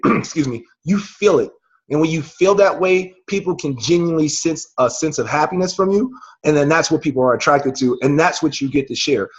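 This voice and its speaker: Guy running a zoom team call, hyped and slangy, kinda high husky voice, muffled audio. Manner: hyped, slangy, preachy encouragement. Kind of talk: motivational talk on a video call. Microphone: video call.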